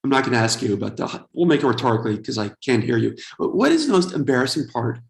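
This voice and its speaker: A man's voice: medium pitch, sing-song, quick pace, creaky, reverberant. A man in his forties from the United States, doing a wry, self-deprecating stand-up comedy set. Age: 40s.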